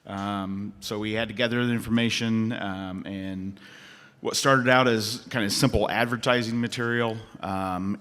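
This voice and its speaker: A man's voice: on the low side, a bit bright. A man presenting to a panel audience in a casual, explanatory way, with many ums. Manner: filler-heavy, casual, explanatory. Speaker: panel speaker. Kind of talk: convention panel talk. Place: convention panel room. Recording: long hall reverb.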